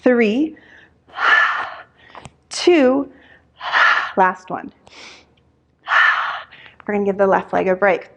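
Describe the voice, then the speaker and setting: A woman's voice: medium pitch, expressive, drawn-out words, gravelly, pauses often, highs cut off. A young adult woman instructor talking through a Pilates workout while doing it, out of breath, counting reps with sighs between them.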